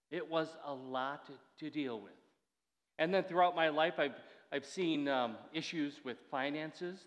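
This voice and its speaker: A man's voice: a little high, in a large hall. A man in his sixties preaching a sermon in a chatty, conversational way, with asides and restarts. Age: 60s. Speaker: pastor.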